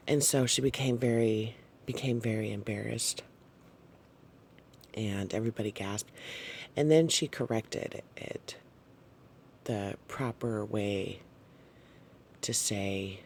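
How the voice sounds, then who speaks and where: In a gravelly mid-range voice, a male channel host tells his audience about a dream, taking his time. He stays soft and hesitant, with frequent fillers and apologies, over a little hiss or hum.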